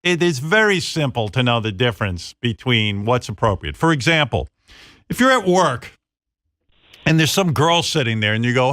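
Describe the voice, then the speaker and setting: A man's voice: medium pitch, lively intonation, moderate pace, a bit bright, dry recording, clean studio sound. A man hosting a talk radio show, reading ads and answering callers in a blunt, profane, mocking way. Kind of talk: talk radio banter and live ad read.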